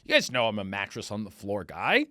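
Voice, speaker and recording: A man's voice: fairly low pitch, brisk, no echo, clean studio sound. A man in his thirties hosting a comedy podcast, ranting casually with lots of swearing and mocking quoted voices. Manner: profane, animated, mocking put-on quotes.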